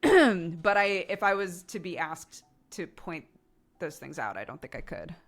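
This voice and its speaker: A woman's voice: lowish voice, lively intonation, a little slow. An American woman in her thirties chatting casually with her stream chat, with lots of laughter and fillers like "um" and "like.". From United States.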